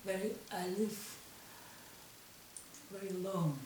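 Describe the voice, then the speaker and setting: A woman in her fifties from Russia with a Russian accent, giving a personal monologue in halting English full of restarts. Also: mid-range voice, steady tone, echoey room, far from the mic, background noise. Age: 50s. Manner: halting non-native English, slow, many restarts.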